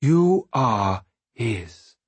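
A calm, wise man who speaks quietly and very slowly, as a narrator puts him on. His voice has a husky softness. It is told like a storybook reading. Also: medium pitch, no room sound, exaggerated voice. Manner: quiet, slow.

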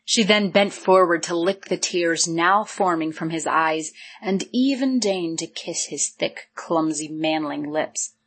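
Woman audiobook narrator, low-ish husky voice, even measured read.

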